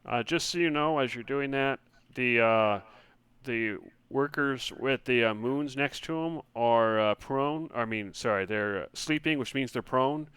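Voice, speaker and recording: A man running a tabletop game as game master, relaxed and hesitant, with many fillers. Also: mid-range voice, measured pace, clean tone, dry recording.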